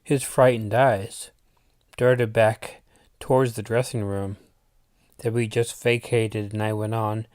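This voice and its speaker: A man reading a spooky story aloud as its narrator, in a deliberate manner with the odd aside to his listeners. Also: lowish voice, level tone, a little mellow, clean tone, no room sound, studio quality. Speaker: channel host reading his own story.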